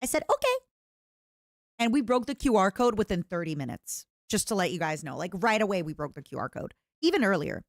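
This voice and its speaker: A woman streamer chatting casually with her viewers, rambling and animated, often restarting her sentences. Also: mid-range voice, a little fast, no room sound, clean studio sound. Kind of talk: casual livestream chat.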